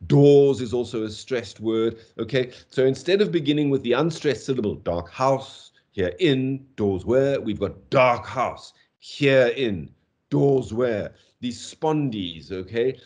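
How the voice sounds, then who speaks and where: South African man, lecturer, lowish voice, rambling asides, slow verse reading, video call. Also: darkish tone. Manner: digressive, fond of "okay?" and "or whatever"; reads verse slowly and tapping out stressed beats. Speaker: university lecturer. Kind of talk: online poetry lecture.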